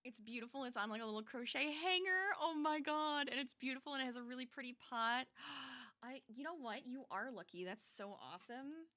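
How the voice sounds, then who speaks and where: A woman's voice: high-pitched, a little fast, pushed and bright. A young adult woman streaming as she crochets, chatting casually and animatedly with her viewers and laughing often.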